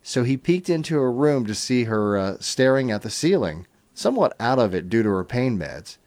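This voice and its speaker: A man's voice: mid-range voice, normal speed. A middle-aged man hosting a radio call-in show, reading listener stories aloud with chuckles and easy fillers. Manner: chuckling, relaxed storytelling with fillers. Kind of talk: reading listener comments on air.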